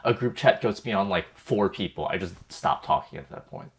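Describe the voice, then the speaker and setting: A man's voice: low-pitched, expressive, moderate pace. A young man co-hosting a podcast, talking casually and rambling with many fillers and restarts. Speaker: podcast co-host. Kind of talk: casual group chat.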